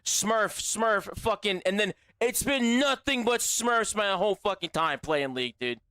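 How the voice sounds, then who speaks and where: Young male streamer, loose and profane banter, bright tone, dry close mic. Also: sits high, unhurried, smooth, no echo. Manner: animated, profane, slangy banter with chat. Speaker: gaming livestreamer. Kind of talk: casual stream chat with viewers.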